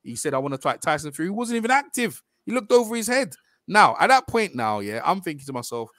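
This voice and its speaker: A man's voice: sits high, big pitch swings, fast talker, sharp tone, no echo, clean studio sound. A man hosting a live boxing chat on a video call, arguing emphatically and repeating himself. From England. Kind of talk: heated casual debate.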